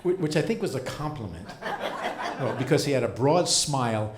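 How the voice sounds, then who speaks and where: An American man in his seventies performs dry, deadpan stand-up on a comedy club stage, pausing a beat before each punchline. His voice is at an ordinary middle pitch and normal speed, with the live room adding a roomy echo and heavy background noise.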